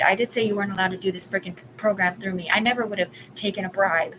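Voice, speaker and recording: A woman's voice: mid-range voice, fairly even intonation, quick pace. A woman in her forties ranting on a live stream, rambling, agitated and profane. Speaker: livestream host. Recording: clear background ambience noise.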